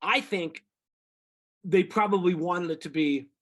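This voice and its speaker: A middle-aged singer-songwriter telling rambling, animated stories about his music career in a casual interview. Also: high voice, unhurried. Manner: rambling, animated anecdotes with quoted voices.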